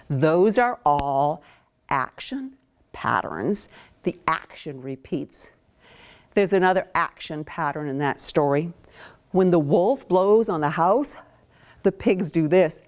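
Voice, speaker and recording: A woman's voice: on the low side, lively intonation, a little slow, a little mellow. A woman from Maine, a children's author, giving an interactive lesson to young children and coaxing the class to join in. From Maine, USA.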